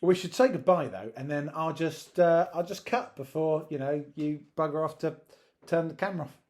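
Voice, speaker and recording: A man's voice: a little high, normal speed, a little mellow. A man co-hosting a casual chat, rambling and correcting himself as he jokes along. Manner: rambling, self-correcting, jokey. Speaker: co-host.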